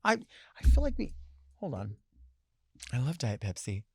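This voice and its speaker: A man hosting a talk show, delivering a sassy, theatrical solo monologue with loud bursts and low asides. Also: wildly swooping pitch, normal speed, slightly rough, no room sound, clean studio sound. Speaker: host.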